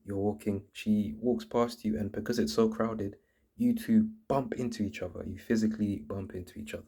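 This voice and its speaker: A man's voice: lowish voice, fairly even intonation, normal speed, dark tone, breathy edge. A man hosting his channel, explaining in a casual, earnest monologue full of restarts and repeated words. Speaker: channel host.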